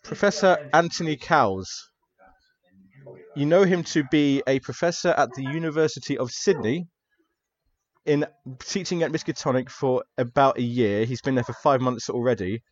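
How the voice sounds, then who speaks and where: A man runs a tabletop horror game, narrating in a relaxed, chatty way. The sound is a little dull and lo-fi. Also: medium pitch, normal speed. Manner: relaxed, chatty narration with frequent ums and laughs. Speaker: game master.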